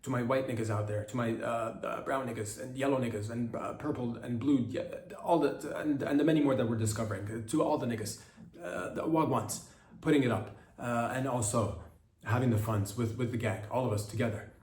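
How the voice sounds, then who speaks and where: A man hosts a comedy podcast alone, rambling through a satirical monologue with halting restarts and mock-serious asides. He sits a little back from the mic in a roomy, echoing space. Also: mid-range voice, darkish tone. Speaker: podcast host. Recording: roomy echo, mic at a distance.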